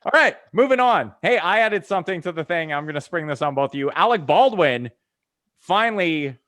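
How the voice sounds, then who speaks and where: A man's voice: a little high, expressive, a little fast, a bit bright. A man co-hosting a podcast in loose, profane banter who laughs often and switches topics easily. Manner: swears a lot, laughs often. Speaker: podcast co-host.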